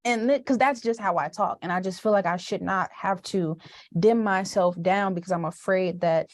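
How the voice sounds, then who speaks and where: A young woman and student teacher talking as a podcast guest in an animated, expressive way, with many "like"s. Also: medium pitch, moderate pace. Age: young adult. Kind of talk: casual podcast conversation.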